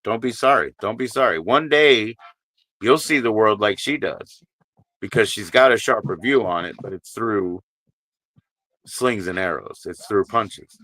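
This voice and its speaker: A man's voice: fairly low pitch, measured pace, bright, forceful tone, no echo. A man hosting a live stream, talking bluntly and profanely while consoling a caller. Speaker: livestream host. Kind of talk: casual live stream chat. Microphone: streaming mic.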